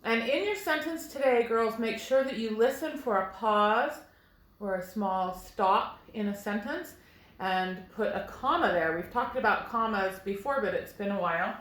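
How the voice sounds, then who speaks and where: A woman's voice: mid-range voice, moderate pace, fairly bright tone. A woman teacher leads a phonics lesson for young children, walking them patiently through each step. Her voice sits in the middle range and rings a little in an echoey room. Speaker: first grade teacher.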